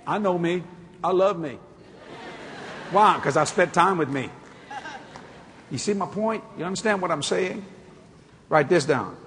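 A Cajun-accented man from Louisiana preaches a folksy sermon in an animated style, acting out dialogue as he goes. His voice is a little high with a breathy edge. The recording carries a long hall reverb and faint noise.

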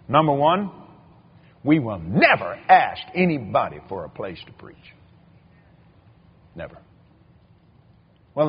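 Animated older preacher, husky voice. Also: male voice, medium pitch. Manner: animated storytelling, acts out quoted voices, repeats words. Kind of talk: sermon. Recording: dull lo-fi recording.

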